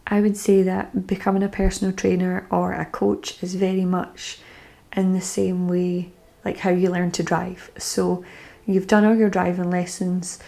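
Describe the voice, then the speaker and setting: A woman's voice: fairly low pitch, little pitch movement, unhurried, gravelly, warm tone. A woman hosting a podcast, talking reflectively and giving advice to her listeners. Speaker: podcast host. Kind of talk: podcast conversation.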